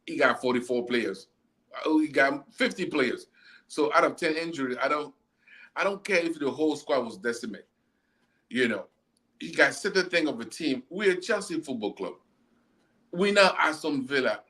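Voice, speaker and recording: A man's voice: a little high, animated, moderate pace, bright, forceful tone. A man hosting a casual football chat, ranting bluntly and repeating himself as he argues.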